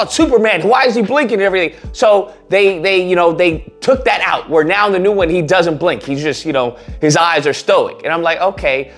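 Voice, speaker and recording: A man talking through casual online commentary with a lively, swooping pitch. He is animated and often slips into a high, mocking put-on voice. Faint music plays under him.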